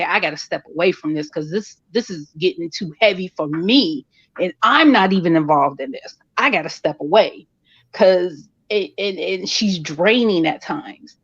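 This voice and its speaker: A woman's voice: mid-range voice, dry recording. Effusive woman on dull, dry call audio. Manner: effusive and encouraging, repeats praise. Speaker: viewer calling in to a live stream. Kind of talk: casual live-stream call-in.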